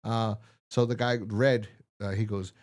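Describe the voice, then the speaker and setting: A man's voice: lowish voice, unhurried. A man co-hosting a podcast, casually reviewing and recapping a story with lots of fillers. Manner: rambling, lively, many fillers. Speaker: podcast co-host.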